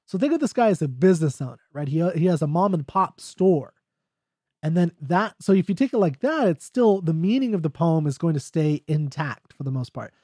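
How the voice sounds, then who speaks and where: A man's voice: on the high side, expressive, a little fast, warm tone, husky, dry recording, clean studio sound. A man explaining a poem in a casual lecture, loose and jokey, checking in with "right?" as he goes. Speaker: literature teacher.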